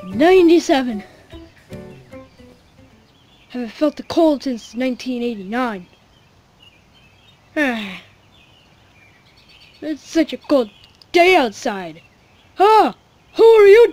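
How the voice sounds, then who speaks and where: A woman voicing a childish, grumpy male pig king in a fan cartoon, shouting and repeating himself with whiny sighs. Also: high voice, exaggerated voice. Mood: calling eagerly.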